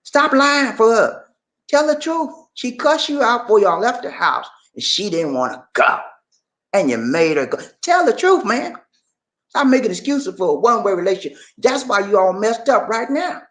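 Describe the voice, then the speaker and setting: A man giving relationship advice on a live stream, preachy and animated, speaking straight to his viewers and acting out quotes. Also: high-pitched, moderate pace. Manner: acts out quoted voices in his talk.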